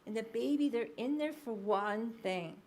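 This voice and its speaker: A woman giving a public lecture as a researcher, explaining findings in a lively storytelling way, with frequent ums and uhs. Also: on the high side, measured pace. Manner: lively anecdotal storytelling, acting out quoted speech.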